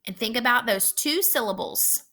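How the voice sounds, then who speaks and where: A woman teacher giving a recorded phonics lesson, speaking slowly and clearly and repeating each word for young learners. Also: fairly high pitch, expressive, bright, forceful tone. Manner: slow, clear instructional pacing with repeated words.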